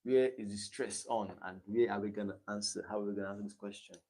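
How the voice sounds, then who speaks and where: Teen Nigerian guy, low mellow voice, livestream study session, thinks aloud. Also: fairly even intonation, fast. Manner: thinks aloud, reading quiz options aloud and chatting between them. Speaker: exam candidate streaming his study session. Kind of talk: casual livestream tutoring.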